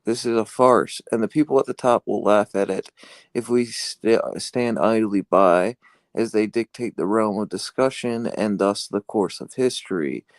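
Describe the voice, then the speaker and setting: A man co-hosting a podcast in casual chat, talking haltingly with many fillers. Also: lowish voice, dry recording. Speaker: podcast co-host. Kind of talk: casual chat, reading a flyer aloud.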